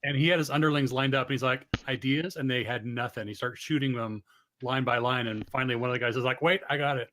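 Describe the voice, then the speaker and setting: Relaxed man chatting at a game table. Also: mid-range voice, fast talker, slight background noise. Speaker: player. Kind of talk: casual chat at a game table.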